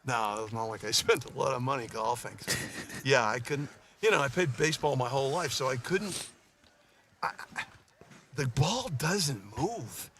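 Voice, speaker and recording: Gravelly man telling a funny story. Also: mid-range voice, a little fast, sharp tone, a little hiss or hum. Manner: self-deprecating, chuckling storyteller. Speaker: coach. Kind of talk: casual anecdote-telling. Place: outdoors at a golf course putting green.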